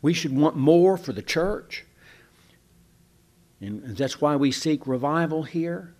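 A man's voice: a little high, slow, a little mellow. A pastor preaching a sermon in a folksy, conversational way, asking his listeners questions.

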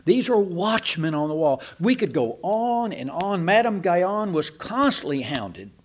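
A man's voice: high voice, big pitch swings, measured pace. An older man preaching a sermon, telling church history as stories with asides and restarts.

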